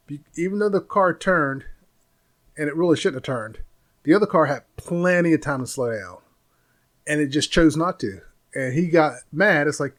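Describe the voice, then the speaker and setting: A man hosting a podcast, talking through his opinions in a loose, rambling solo monologue, and popping into a louder, higher voice when he quotes people. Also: expressive, moderate pace. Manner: rambling, opinionated, mimics others in raised voice. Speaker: podcast host. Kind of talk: casual monologue.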